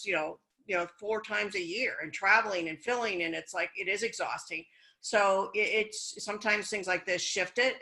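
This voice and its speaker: A woman's voice: medium pitch, pushed and bright, low-quality recording. A middle-aged woman business coach speaking candidly and encouragingly in a casual chat, sharing personal stories. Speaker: business coach and event host.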